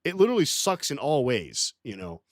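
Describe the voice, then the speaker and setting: Heated, lively-voiced male streamer. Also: medium pitch, a little fast, dry recording, clean studio sound. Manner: profane, rambling, heated. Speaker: streamer reading live chat. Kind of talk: casual livestream rant.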